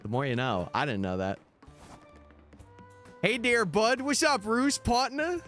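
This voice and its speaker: A man's voice: sits high, very animated, measured pace, a bit bright. A young man streaming live, chatting casually and answering his viewers' messages over faint background music. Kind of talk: casual livestream chat.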